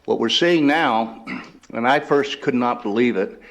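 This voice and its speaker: A man slowly and earnestly describing what he sees. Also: medium pitch, creaky.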